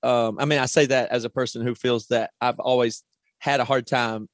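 A man's voice: mid-range voice, fairly even intonation, moderate pace, dry recording. A man hosting a podcast, musing aloud with enthusiasm as he frames questions. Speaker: podcast host. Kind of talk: conversational interview.

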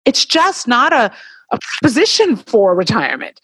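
A woman's voice: a little high, moderate pace, husky, dry recording. A woman hosting a podcast, talking in a casual, chatty way and sometimes getting heated. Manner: animated, chatty, gets heated and laughs at points. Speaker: podcast co-host. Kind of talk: casual solo podcast talk.

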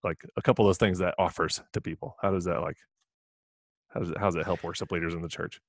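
Deep-voiced man hosting a podcast. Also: quick pace, dry recording, studio quality. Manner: relaxed, affirming, short agreeing replies. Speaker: podcast host. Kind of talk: casual podcast interview.

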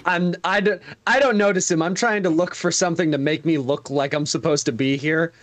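A man's voice: fairly high pitch, steady tone, fairly quick, fairly bright tone. A man playing a tabletop game, describing his character's actions in a casual, laughing way. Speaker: player. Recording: faint background noise.

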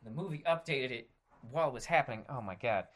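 A man's voice: medium pitch, animated, quick pace, fairly bright tone. A man from the United States hosting a solo podcast, ranting with lots of swearing and frequent self-corrections. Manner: trails off into self-corrections and restarts. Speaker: podcast host.

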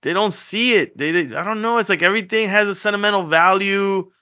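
A middle-aged man on a podcast, telling family stories in an animated way and acting out what his wife and kids said. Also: sits high, a little fast, clear, resonant tone. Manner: animated storytelling, acts out family quotes. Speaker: podcast co-host. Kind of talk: casual chat.

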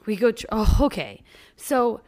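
A woman co-hosting a casual chat, telling family stories in an animated way and swearing freely. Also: fairly high pitch, unhurried. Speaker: podcast co-host and mother.

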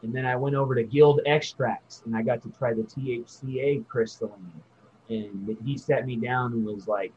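A man's voice: mid-range voice, normal speed, a little hiss or hum. A man casually telling a rambling story, laid-back and swearing freely. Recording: dull lo-fi audio.

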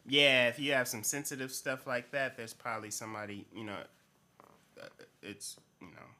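Rambling, bright-voiced male podcaster. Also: medium pitch, moderate pace. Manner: rambling, many fillers and restarts, animated. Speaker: podcast co-host. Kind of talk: casual chat.

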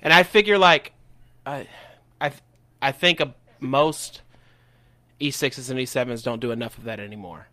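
A man's voice: medium pitch, moderate pace, pauses often, bright, forceful tone. A man, a former enlisted sailor on a podcast, talking in a frank, profane and opinionated way. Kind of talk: casual chat.

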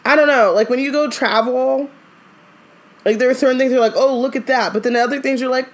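A woman from Southern California, co-hosting a podcast in casual chat and ranting with animated asides. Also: a little fast. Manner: animated, ranting, jumps into high mock voices. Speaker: podcast co-host.

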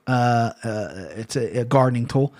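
A man hosting a casual fight-picks show, rambling and swearing freely, often correcting himself mid-sentence. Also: medium pitch. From Ohio, USA. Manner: profane, rambling storyteller; fast, excitable tangents with self-corrections. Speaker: MMA fight picks host. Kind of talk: casual chat.

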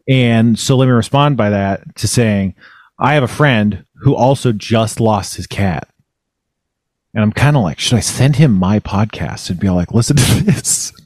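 A man hosting a casual comedy podcast, talking in a deadpan, self-mocking, rambling way into a studio mic. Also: lowish voice, dry recording. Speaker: podcast host.

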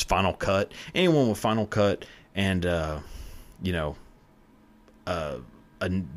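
Low-voiced man ranting with lively swings. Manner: profane, ranting, emphatic. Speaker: podcast host. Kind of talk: casual solo commentary.

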